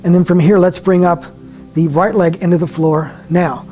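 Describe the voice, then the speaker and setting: A man leading a yoga class, giving calm, slow step-by-step cues and often dropping his voice softly. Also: high-pitched, faint music behind. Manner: calm, slow guiding cues with soft drops in volume. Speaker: yoga instructor. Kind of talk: guided yoga class instruction.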